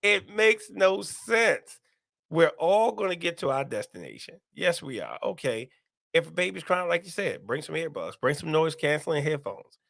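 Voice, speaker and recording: A man's voice: a little high, very animated, a little fast, vocal fry, fairly bright tone, dry recording, clean studio sound. A man hosting a casual live stream, talking to viewers and reading their comments aloud, repeating himself often. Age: adult, parent.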